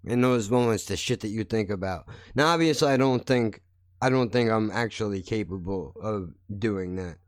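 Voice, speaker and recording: A man's voice: on the low side, normal speed, no room sound, studio quality. A man hosting a podcast, ranting in a blunt, heated, constantly swearing monologue. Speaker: podcast host. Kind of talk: angry profane monologue.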